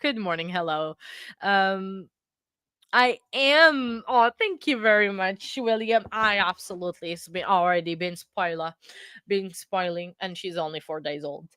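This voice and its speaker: A woman's voice: mid-range voice, measured pace, fairly bright tone, clean tone, dry recording. Young woman, Portuguese accent, bubbly livestream host with a dry, close sound. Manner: chatty and bubbly, thanking chat often. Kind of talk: casual livestream chat with viewers.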